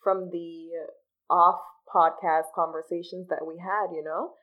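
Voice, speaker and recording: A woman coaching on a podcast, effusive and encouraging, quick to get emotional. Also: lowish voice, flat delivery. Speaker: life coach and podcast host. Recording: tinny phone-like line.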